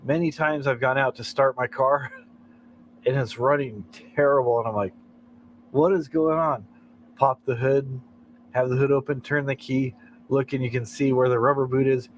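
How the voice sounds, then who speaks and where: An American man hosts a late-night livestream, chatting casually and rambling while chuckling often between thoughts. His mid-range voice keeps a fairly even intonation at a moderate pace. The recording is rough, with slight background noise.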